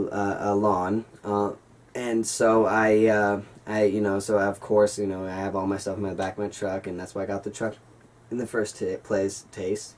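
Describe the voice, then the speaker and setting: A man's voice: on the low side, darkish tone, distant mic. A young man in his late teens telling a story in a casual vlog, rambling with lots of fillers and self-corrections. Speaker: vlogger.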